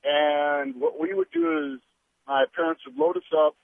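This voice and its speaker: A man's voice: on the high side, huge pitch swings, moderate pace, a little hiss or hum. A man calling into a radio show, telling an amused travel story. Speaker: caller. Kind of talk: phone-in storytelling. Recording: gravelly voice over tinny phone line.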